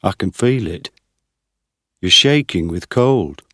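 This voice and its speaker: A man voicing a slow, lonely young farmhand who speaks bluntly and awkwardly in a storybook. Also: low-pitched, animated, bright, forceful tone, breathy edge, no echo, clean studio sound, exaggerated voice.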